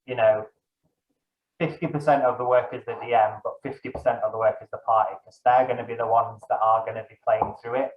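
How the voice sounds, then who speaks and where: In an echoey room with a slightly dull, lo-fi sound, a young dungeon master chats as an interview guest. He talks fairly quickly with little pitch movement in an ordinary mid-range voice, rambling and correcting himself with many fillers.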